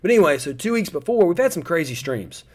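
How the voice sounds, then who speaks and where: A man's voice: on the high side, big pitch swings, quick pace. A young adult man, hosting a live stream in casual, rambling chat aimed straight at his viewers.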